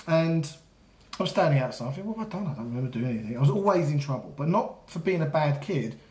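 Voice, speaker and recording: A man talks at a quick clip as he spins a story from his school days. He acts out the people in his quotes with lively voices, in an echoey room. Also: fairly high pitch. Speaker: podcast co-host. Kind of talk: casual storytelling conversation.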